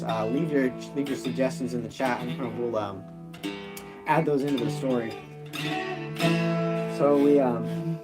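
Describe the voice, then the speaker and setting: A man improvises a story aloud, rambling and loose, full of fillers and restarts. His voice sits at an ordinary mid-range pitch, with guitar music playing behind him. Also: a little mellow. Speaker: live-stream storyteller. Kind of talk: improvised storytelling live stream.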